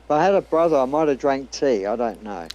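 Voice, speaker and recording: A man's voice: mid-range voice, expressive, fast, darkish tone, lo-fi sound. A man chatting as a guest on a casual livestream, easygoing and a little hesitant. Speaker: call-in guest. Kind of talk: casual chat.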